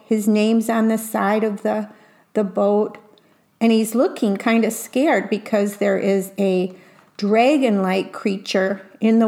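A woman reading a picture book aloud slowly, pausing to describe each illustration in a gentle storytime manner. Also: mid-range voice. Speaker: reader.

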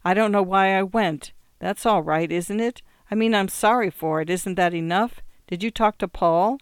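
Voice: mid-range voice, moderate pace, clear, resonant tone, no room sound, studio quality, close to an everyday voice. A narrator voicing a nervous young farm woman who pleads and rambles, in an audiobook reading. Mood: anxious. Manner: earnest, anxious, rambling.

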